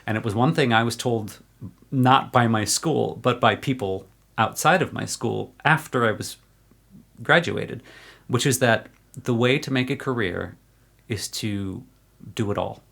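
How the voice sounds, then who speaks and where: A man's voice: medium pitch, measured pace, gravelly, a bit bright. An American man, a guest actor, talking earnestly in a casual interview and often restarting his sentences. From United States.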